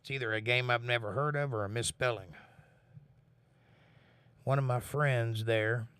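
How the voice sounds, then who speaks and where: A man's voice: mid-range voice, normal speed, a bit bright, smooth, no echo. A man hosting a casual livestream, reading viewer comments aloud in a laid-back, folksy way and swearing now and then. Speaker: livestream host.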